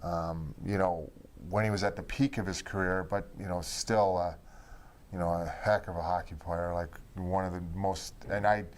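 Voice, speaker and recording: Low-voiced man reminiscing, full of fillers. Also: fairly even intonation, moderate pace, a little hiss or hum. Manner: rambling, many fillers of "you know". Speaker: former teammate. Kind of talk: reminiscing conversation.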